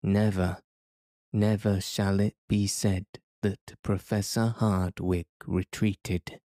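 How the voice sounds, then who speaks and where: A man's voice: fairly low pitch, little pitch movement, slow pace, dark tone, no echo, clean studio sound. A man reading an audiobook, voicing a stubborn older male professor in an insistent, commanding way. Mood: stern.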